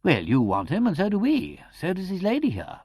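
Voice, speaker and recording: A man voicing an urbane, witty aristocratic lord with a crisp, airy manner. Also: high voice, wildly swooping pitch, fairly quick, a little mellow, no echo, clean studio sound, pitched above the performer's own voice, heavily acted.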